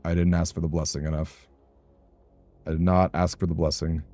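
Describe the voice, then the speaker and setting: A young man chatting casually while streaming a game, talking to his chat, self-conscious and quick to laugh. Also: rumbling low, level tone, warm tone.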